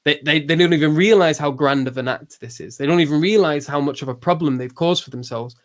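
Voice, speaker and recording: A man hosts a podcast, explaining philosophy in a casual, thinking-aloud way with many restarts and fillers. His voice is on the high side and a little fast.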